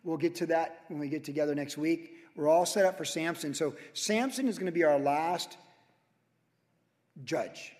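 A man teaches through scripture in a lively, conversational sermon and punches certain lines with sudden loud emphasis. His voice sits a little high. The sound rings with the long reverb of a church hall. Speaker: pastor. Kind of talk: verse-by-verse sermon.

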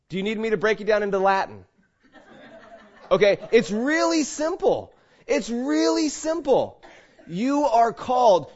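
A middle-aged male pastor preaches with a fairly high voice, acting out his stories. He jumps between loud, punchy lines and soft, hushed asides. The recording sounds dull and lo-fi. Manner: animated storytelling, swings between loud and hushed. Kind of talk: sermon.

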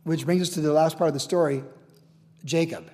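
A high-pitched man preaching with lively energy, slipping into playful voices for the people in his story. His voice rings out with a long reverb, as in a large hall. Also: brisk. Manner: animated, acts out quoted voices, laughs often. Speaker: pastor. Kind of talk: sermon.

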